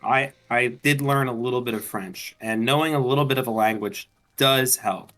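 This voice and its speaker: A man in casual game-stream chat who argues his points carefully and at length. Soft music plays faintly behind him. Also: medium pitch, moderate pace. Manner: argumentative, lecturing, careful. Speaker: streamer co-host. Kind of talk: casual chat while gaming.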